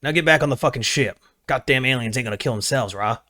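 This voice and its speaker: A man voicing a gruff, bossy male Marine sergeant major with a slow Southern drawl. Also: mid-range voice, pushed and bright, natural voice. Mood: mocking. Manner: slow drawl, barking orders.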